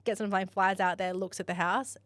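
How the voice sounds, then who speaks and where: An Australian woman, a podcast guest, telling a story in a chatty, animated way and acting out the dialogue. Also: mid-range voice, a little fast, dry recording. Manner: chatty, animated, acts out dialogue, laughs often. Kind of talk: casual storytelling in a podcast interview.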